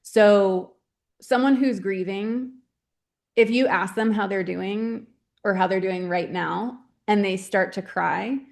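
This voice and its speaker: A woman's voice: medium pitch, takes it slowly, gravelly, darkish tone. A woman with a mid-range voice talks in a casual interview as a grief specialist. Her delivery is earnest and chatty, and she keeps checking in with little tag questions. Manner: earnest, chatty, many "right?" tags.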